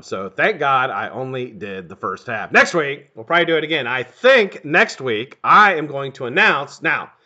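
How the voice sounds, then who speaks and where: A middle-aged man hosting a casual live stream, greeting viewers one by one and swearing freely. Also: mid-range voice. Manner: lively, profane, greets viewers one after another. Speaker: livestream host. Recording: dull lo-fi stream audio.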